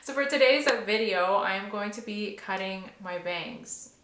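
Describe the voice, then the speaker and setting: A woman's voice: mid-range voice, unhurried, a bit bright, roomy sound, slight background noise. A young woman hosting a casual hair tutorial vlog, talking in a chatty, nervous way with lots of fillers. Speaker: beauty vlogger.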